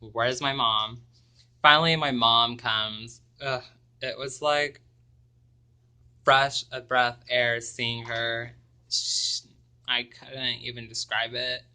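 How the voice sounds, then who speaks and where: A young man speaks slowly and haltingly, pausing often and filling the gaps with ums as he recounts something personal to camera. His voice is strikingly bright and crisp, sitting at an ordinary middle pitch. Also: flat delivery. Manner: halting and hesitant, with many ums. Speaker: vlogger.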